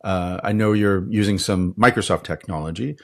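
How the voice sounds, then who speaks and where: Lower-voiced podcast host asking questions. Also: male voice, normal speed, vocal fry, a bit bright. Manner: curious, rambling questions. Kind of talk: interview questions.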